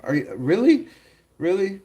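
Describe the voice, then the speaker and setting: A man hosting a casual live stream, animated, laughing often and talking to his chat. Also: high voice, measured pace.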